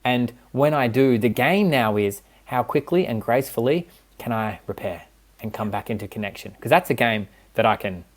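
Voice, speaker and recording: A man of medium pitch talks animatedly at a moderate pace as a relationship coach and podcast guest. In this casual podcast conversation he's earnest and explanatory, often checking in with his listener.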